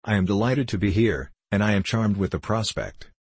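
A man with a husky voice reading a cheerful, easygoing young male painter in a light, teasing manner. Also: fairly low pitch, moderate pace.

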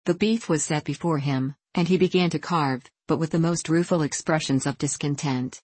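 A reader narrating a classic novel in a measured, even storytelling voice. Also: mid-range voice, husky, dry recording. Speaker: audiobook reader.

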